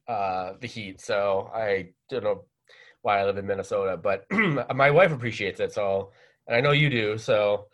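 A man hosting a casual sports podcast, talking in a rambling way with lots of fillers. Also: fairly low pitch. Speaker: podcast host. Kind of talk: casual chat.

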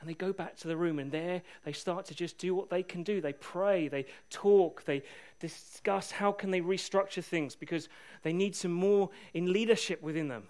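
Male preacher, high voice, loose humorous storyteller, church sermon. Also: normal speed, a little mellow.

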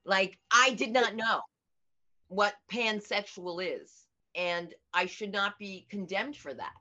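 Speaking slowly in a medium-pitched voice that sounds pushed and bright, an older comedian chats as an interview guest. She animates her stories by performing the voices of people she quotes, and the audio is dull and lo-fi.

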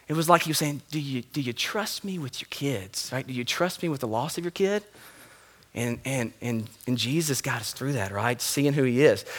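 Bright high-voiced male pastor preaching. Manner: animated, swings from loud to hushed. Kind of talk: sermon.

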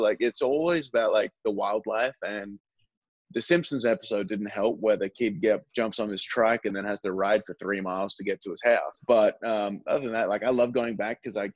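A young man with an Australian accent talks in a low voice, wandering through casual stories with plenty of fillers and restarts. The sound is dry and a little dull, with no room around it. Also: steady tone, a little fast, no room sound. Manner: rambling, full of fillers and restarts. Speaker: baseball relief pitcher, guest. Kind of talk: casual interview chat.

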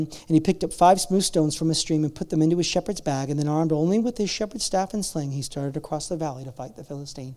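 A man preaching a sermon, swinging between loud, drawn-out preaching and quiet asides, acting out the people in the story. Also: a little high. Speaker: pastor.

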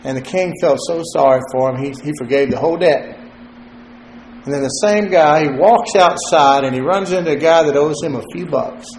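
Gravelly-voiced pastor preaching in an echoey room. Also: male voice, fairly high pitch, moderate pace, a little mellow, slight background noise. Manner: conversational and joking, repeats words while thinking. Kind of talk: sermon. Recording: roomy echo.

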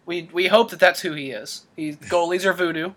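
A man's voice: sits high, moderate pace, fairly bright tone. Analytical man hosting a sports podcast. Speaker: podcast host. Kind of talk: casual sports chat.

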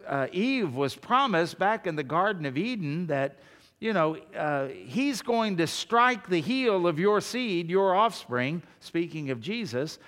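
A male pastor delivering a sermon, his voice sitting a little high for a man. He presses his points hard and then drops into quiet asides to the congregation. The sound carries a long reverb, like a large hall. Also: sing-song, a little slow. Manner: emphatic, swings between loud declarations and quiet asides.

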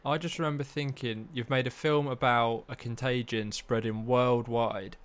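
A man's voice: medium pitch, steady tone, moderate pace. A man co-hosts a casual film chat. He talks in an easygoing, rambling way and gives his views drily. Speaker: podcast co-host.

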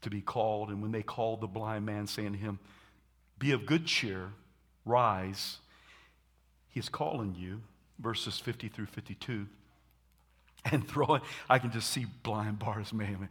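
A man preaching a sermon, animated, acting out scenes and shouting dramatically. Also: medium pitch, moderate pace, breathy edge.

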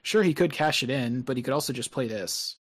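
A man co-hosting a relaxed podcast chat about a card game. He thinks out loud, circling back and restarting his sentences as he works through a point. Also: medium pitch, fairly quick. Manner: thinks aloud with many restarts and hedges. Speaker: podcast co-host. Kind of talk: casual card game discussion.

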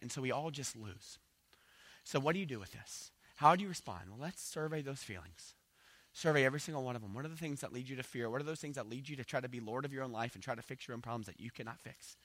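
Male pastor, fast and forceful, animated with acted-out voices, dry sound. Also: medium pitch, no echo. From South Georgia. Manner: animated, playful asides, acts out little voices. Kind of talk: sermon.

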